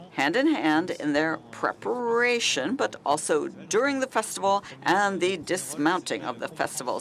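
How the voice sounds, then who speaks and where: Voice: medium pitch, fairly bright tone. A panelist from a regional festival association speaking at a conference panel, hesitant, with many fillers and restarts.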